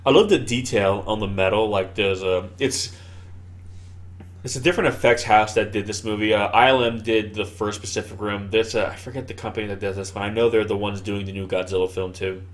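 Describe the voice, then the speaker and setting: A man's voice: on the low side, brisk. Rambling American man in casual chat. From United States. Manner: rambling, animated, swears freely. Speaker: podcast co-host. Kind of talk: casual movie commentary chat.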